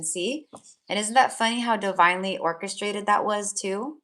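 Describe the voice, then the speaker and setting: A woman's voice: medium pitch, normal speed, a bit bright, a little hiss or hum. A woman giving live psychic tarot readings, talking in a soothing, affectionate way with lots of fillers. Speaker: tarot reader.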